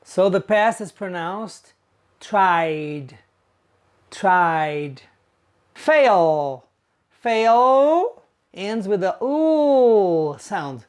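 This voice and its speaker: Female pronunciation teacher, very slow and careful, stretches each sound out for learners. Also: mid-range voice, big pitch swings, darkish tone. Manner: slow and deliberate, drawn-out example sounds. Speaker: English teacher.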